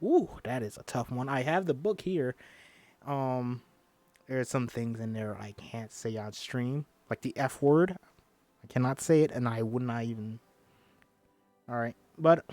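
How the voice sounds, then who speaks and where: A man's voice: mid-range voice, darkish tone, no room sound. A man reading a film script aloud on a stream, emotional and swearing casually between lines. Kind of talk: script read-aloud with commentary.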